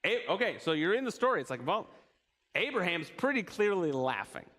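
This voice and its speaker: A man's voice: sits high, very animated, fairly quick, fairly bright tone. A man leading a church Bible study in a conversational way, often asking the group questions.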